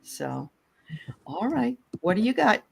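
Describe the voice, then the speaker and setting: A woman's voice: mid-range voice, very animated, slow, vocal fry, slightly rough. A woman hosts a live-streamed dream reading in a loose, chatty way. She reads out viewer dreams and reacts to each with frequent small interjections. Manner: chatty, warm interjections and fillers.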